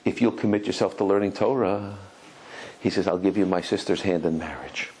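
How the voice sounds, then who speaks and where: A man, a rabbi, giving a Torah lecture, telling stories animatedly, often repeating and restarting words, and acting out quotes with sudden high cries. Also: fairly quick, slight background noise, low-quality recording. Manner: animated storytelling, acts out quotes with high exclamations.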